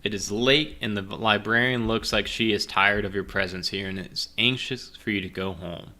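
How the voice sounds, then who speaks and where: A man's voice: on the low side, fairly even intonation, moderate pace, sharp tone. A man running and reading a solo tabletop gamebook, rambling and self-deprecating with many fillers, while drinking. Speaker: game master playing a solo gamebook. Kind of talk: casual chat and reading game narration.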